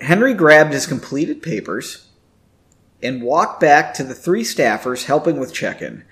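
A man reading a fantasy story aloud casually, breaking off for chatty, self-mocking asides. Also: fairly high pitch. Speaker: amateur audiobook reader.

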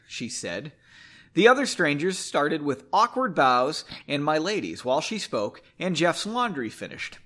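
A man's voice: fairly high pitch, sing-song, measured pace, a bit bright. A man hosting a podcast who reads a story aloud and keeps breaking off into sarcastic, self-mocking asides. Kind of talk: story reading with joking asides.

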